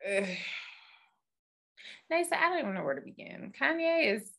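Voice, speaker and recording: A woman's voice: high voice, very animated, normal speed, creaky, sharp tone. A woman co-hosting a podcast, chatting casually and rambling with fillers and asides. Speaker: podcast co-host. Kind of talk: casual chat.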